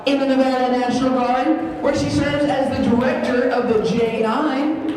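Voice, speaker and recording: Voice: high-pitched, steady tone, moderate pace, a little mellow. An event emcee introducing a keynote speaker on stage, upbeat and hyping the crowd. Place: hotel conference hall. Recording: echoey hall, mic from far off.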